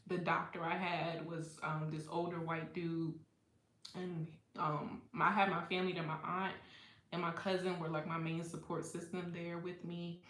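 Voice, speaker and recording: A woman's voice: on the low side, flat delivery, normal speed, fairly bright tone, roomy sound. A woman hosting a livestream, telling a personal story in a candid, profane way and laughing often. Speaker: livestream host. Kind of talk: casual storytime chat.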